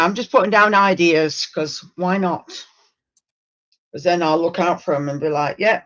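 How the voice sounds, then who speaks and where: Muffled woman muttering blunt asides. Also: low-pitched. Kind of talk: casual chat.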